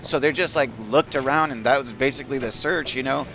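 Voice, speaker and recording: A man's voice: medium pitch, a little fast, lo-fi sound, noisy background. A man casually telling a long story while live-streaming a game, rambling with lots of fillers, restarts and swearing.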